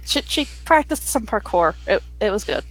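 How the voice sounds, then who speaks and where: A young adult woman playing a tabletop game, telling her character's story in a chatty, animated way. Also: medium pitch, moderate pace, noisy background. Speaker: player.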